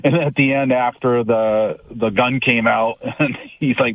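A man's voice: medium pitch, steady tone, measured pace, no echo. A man calling into a radio show, friendly and laughing as a keen fan. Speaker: caller. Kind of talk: phone call to radio show. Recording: muffled phone line.

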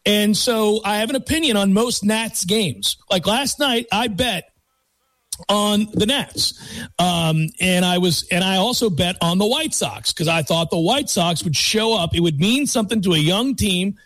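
A man's voice: sits high, animated, measured pace, a bit bright, no room sound. A man hosting a sports radio show, talking casually and rambling with self-corrections. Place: radio studio.

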